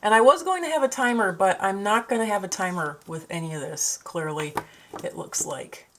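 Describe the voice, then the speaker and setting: A woman's voice: medium pitch, animated, normal speed, fairly bright tone, a little hiss or hum, rough recording. A woman with a northern Minnesotan accent, talking in a rambling, chatty way to her own camera at home while she paints. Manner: meandering, chatty, many fillers and restarts. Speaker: vlogger and artist. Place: at home, indoors. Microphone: camera she set up herself.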